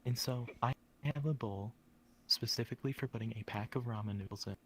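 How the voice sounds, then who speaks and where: A man from Minnesota chatting casually, talking softly and low so he won't wake the people around him. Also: brisk, slight background noise. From Minnesota, USA. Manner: soft, low, careful voice to avoid waking others. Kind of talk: casual chat.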